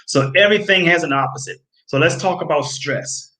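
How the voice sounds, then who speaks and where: A man's voice: a little high, normal speed, sharp tone, low-quality recording. A man hosting a health video, lecturing his viewers in a preachy, emphatic way, repeating key phrases and calling them folks. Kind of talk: preachy direct-to-camera talk.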